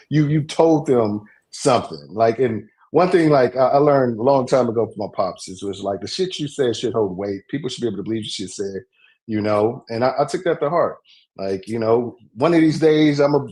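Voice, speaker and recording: A man's voice: mid-range voice, a little mellow. Frank, swearing man on a podcast. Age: adult with sons. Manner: frank, profane, stammering restarts. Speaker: podcast co-host. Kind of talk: casual debate chat.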